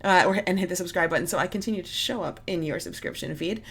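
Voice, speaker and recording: A woman's voice: lowish voice, quick pace, slightly rough. A woman in her thirties chatting casually at home as she unboxes beauty products, wry and self-mocking as she works through the prices. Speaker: beauty vlogger.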